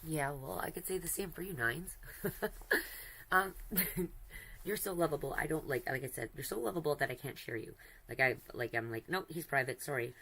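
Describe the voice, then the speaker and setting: Husky, very low-voiced woman streamer. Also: lively intonation, brisk, a bit bright, low-quality recording. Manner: rambling, giggly, affectionate, self-interrupting. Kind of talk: casual chat while drawing.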